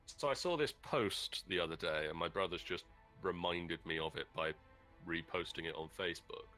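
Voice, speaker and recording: A man's voice: deep voice, normal speed, soft background music. A man co-hosting a livestream, chatting casually and retelling a joke while looking things up online. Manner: relaxed, retelling jokes while searching online. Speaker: livestream co-host. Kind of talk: casual chat.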